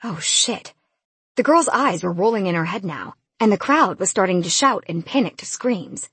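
Woman narrator, fantasy audiobook, husky breathy voice, lively pitch, dry close sound. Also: normal speed, no echo. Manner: expressive, lively storytelling.

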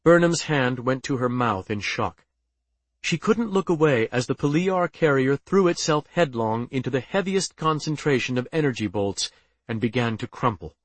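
A man giving steady, scripted audiobook narration. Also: mid-range voice, no room sound.

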